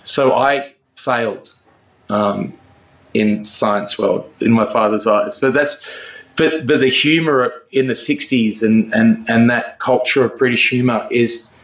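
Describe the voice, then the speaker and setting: Speaking slowly in a medium-pitched, fairly bright voice, a male Australian rock singer guests on a casual interview. He laughs, curses, and keeps restarting as he rambles, and the room gives the recording a noticeable echo.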